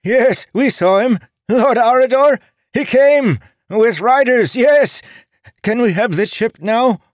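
A man voicing eager, lisping old male street beggars who plead for coins in a strained, high voice. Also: expressive, takes it slowly, dry recording, clean studio sound, exaggerated voice. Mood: frantic begging. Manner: pleading, greedy, high-pitched and frantic.

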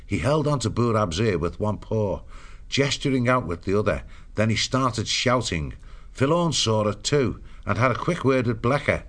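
A man reads a story aloud in a steady, measured way. His voice sits somewhat low. The delivery is calm and even. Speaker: narrator. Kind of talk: audiobook narration.

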